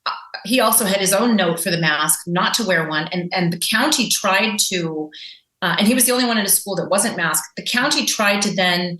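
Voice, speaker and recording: A woman speaking as a podcast guest, emphatic and defiant in how she talks. Her voice is bright and forceful, and it rings a little in a roomy space. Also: mid-range voice, moderate pace. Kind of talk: podcast interview.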